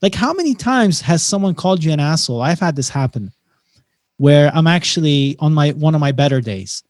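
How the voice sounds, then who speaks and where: Animated and expressive, a man appearing as a guest on a podcast acts out dialogue while spinning stories and frequently says "man." He talks fairly quickly in a voice on the high side, captured in clean studio sound without any room reverb.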